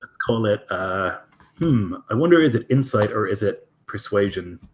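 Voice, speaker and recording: Low-voiced man running a tabletop game. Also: lively intonation, normal speed, slight background noise. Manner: casual, hesitant with many fillers. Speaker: game master.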